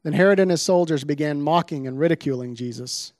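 A man's voice: fairly high pitch, fast talker, darkish tone, no echo, studio quality. A man giving a sermon, reading scripture aloud with dramatic emphasis on the quoted lines before explaining the passage. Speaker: preacher.

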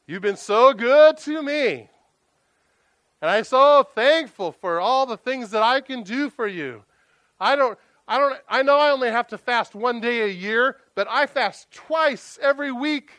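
A man's voice: expressive, measured pace, a bit bright, no echo, exaggerated voice. A man voicing a pompous, boastful male Pharisee who prays aloud to show off his piety. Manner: booming, self-praising.

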